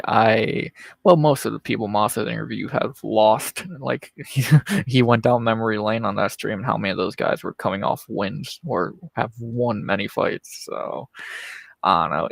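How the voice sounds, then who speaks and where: Man, casual stream co-host, gravelly, dry close sound, laid-back and profane. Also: on the low side, no echo. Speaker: podcast co-host. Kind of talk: casual livestream chat.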